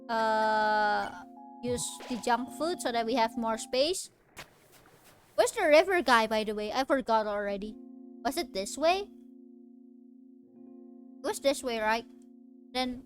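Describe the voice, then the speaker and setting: A woman streaming a video game, chatting casually, giggly and excitable. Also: on the high side. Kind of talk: casual let's-play commentary.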